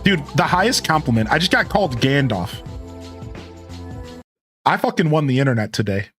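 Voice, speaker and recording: A man's voice: medium pitch, sing-song, moderate pace, a bit bright, soft background music. A man in his thirties rambling casually with his live-stream viewers, chuckling and thanking them by name. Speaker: game streamer.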